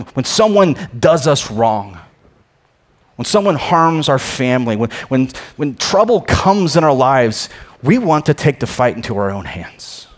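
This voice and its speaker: A man preaching a sermon as pastor, emphatic, swinging between loud proclamations and quiet asides, often repeating words as he starts a phrase. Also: medium pitch. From United States.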